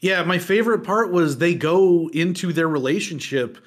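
A man co-hosting a casual podcast chat, animated and quick to laugh, trying out jokey mock accents. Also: high voice. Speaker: podcast co-host.

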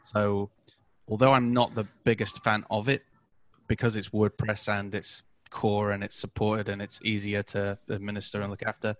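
A man's voice: fairly low pitch, flat delivery, normal speed. A man with a British accent co-hosting a podcast, chatting in an upbeat, enthusiastic way. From Britain. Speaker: podcast co-host. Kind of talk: casual chat.

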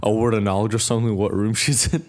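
Low-voiced young man telling a lively story. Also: fast. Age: young adult. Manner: animated storyteller, acts out quoted voices, laughs often. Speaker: podcast co-host. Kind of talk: casual storytelling chat.

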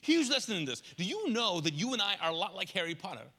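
A man preaching a sermon as a pastor, telling a comic story with lively quoted asides, recorded live in a church. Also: high-pitched, fast. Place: large church auditorium. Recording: live church hall reverb.

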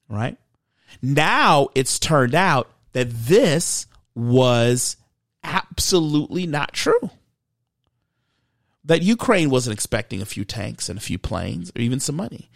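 A man's voice: medium pitch, gravelly, no room sound, studio quality. A man hosting a commentary show, giving an earnest, emphatic political monologue and stumbling over repeated words as he restarts a thought.

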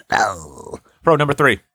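Young male co-host, lower voice, lively delivery, rambling comic storyteller, dry close sound. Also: no echo. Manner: rambling storyteller, acts out quoted lines. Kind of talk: casual comedic chat.

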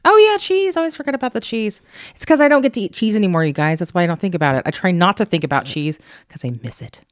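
A woman co-hosting a podcast in casual comedic chat, quick to laugh and swearing freely. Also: lowish voice, lively intonation, no room sound, clean studio sound. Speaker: podcast co-host.

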